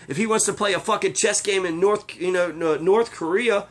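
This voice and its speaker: A man's voice: sits high, normal speed, hardly any pauses. A man delivering a rambling, profane, indignant monologue as a video commentator. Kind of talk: casual ranting monologue.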